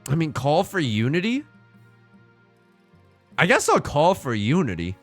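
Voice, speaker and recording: A young man streaming a game live, excitable and joking as he reads the game text aloud to his chat. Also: on the high side, unhurried, soft background music.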